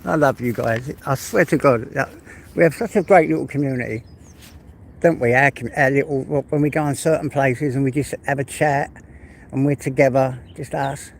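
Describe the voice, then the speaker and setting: Strolling through the fields with his dog, the English host chats to livestream viewers on his phone with occasional swearing. His mid-range voice is gravelly and comes at a normal speed, over a little background hiss or hum.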